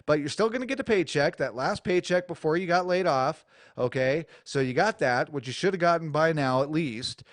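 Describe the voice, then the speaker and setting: A crude, rambling American man hosts his own radio show, talking in a rather high voice. His delivery is blunt and profane. The studio mic gives a dry, close sound. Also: moderate pace, dry recording. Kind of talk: profane talk-radio rant. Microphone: studio mic with adjustable EQ.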